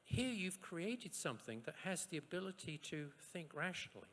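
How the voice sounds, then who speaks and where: A man from Australia giving a university science lecture, rhetorical and lively, with asides and short jokes. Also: on the high side, moderate pace. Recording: echoey lecture hall.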